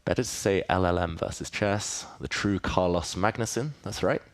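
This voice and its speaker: Male host, very low voice, upbeat and teasing, live studio chess stream. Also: moderate pace. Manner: upbeat, teasing, addresses the chat.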